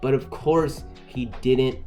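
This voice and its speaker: A man telling a casual story-time tale, repeating words and restarting often as he gets worked up and loud. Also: medium pitch, steady tone, slow, soft background music. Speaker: storyteller recounting a personal incident.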